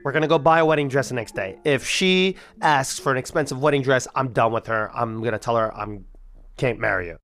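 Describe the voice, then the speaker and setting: A man in his thirties telling a personal story in the first person, animated and acting out the people in it. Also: medium pitch, brisk. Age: 30s.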